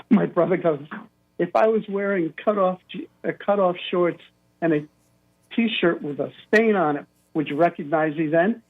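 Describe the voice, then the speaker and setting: An older man telling an animated story as a caller to a radio show, acting out the quotes. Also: on the high side. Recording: tinny phone line.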